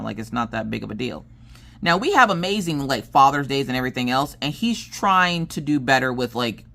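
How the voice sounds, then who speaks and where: A woman in her thirties, a crafting vlogger, casually telling a family story and acting out what everyone said. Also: deep voice. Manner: animated, acts out quoted dialogue.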